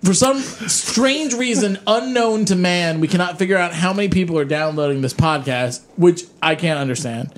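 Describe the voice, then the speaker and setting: A tipsy man co-hosting a podcast, ranting loudly and swearing while chatting with friends. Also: high-pitched, moderate pace, few pauses, a little hiss or hum. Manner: loud, ranting, swearing, breaks into laughter. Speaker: podcast co-host. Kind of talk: drunken casual chat. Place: room with a small group of friends.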